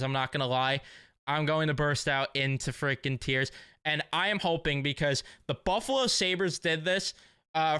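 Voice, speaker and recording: A man's voice: fairly high pitch, pushed and bright, clean tone, no room sound, studio quality. A young man hosting a sports fan vlog, talking in a casual, emotional, rambling way full of fillers. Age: young adult. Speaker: sports fan channel host.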